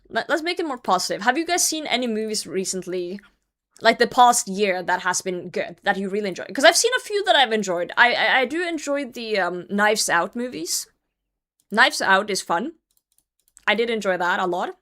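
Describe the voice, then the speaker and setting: A woman talks to her livestream viewers in a loose, rambling way as she plays. She drifts into rants and swears offhand, and her pitch sits in the middle of the range. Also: animated, a bit bright. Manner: chatty, rambling, quick to rant and swear. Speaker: livestream host. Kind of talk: casual chat with viewers while gaming.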